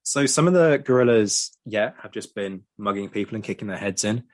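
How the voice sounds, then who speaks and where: Guy explaining history, lowish voice, goes off on rants, lots of ums. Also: brisk. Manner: lively, ranting, frequent ums. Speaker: podcast co-host. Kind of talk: explaining history in casual chat.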